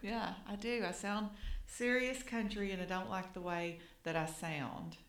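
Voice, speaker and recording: A woman's voice: mid-range voice, steady tone, unhurried, echoey room. A middle-aged woman with a Kentucky Southern accent, co-hosting a podcast in easy, plain-spoken chat. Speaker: podcast co-host. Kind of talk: casual chat and scripted intro.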